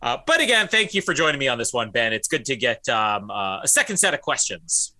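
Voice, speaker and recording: A man's voice: mid-range voice, big pitch swings, brisk, pushed and bright. A man hosting a podcast, upbeat and teasing, often laughing in casual chat. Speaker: podcast host.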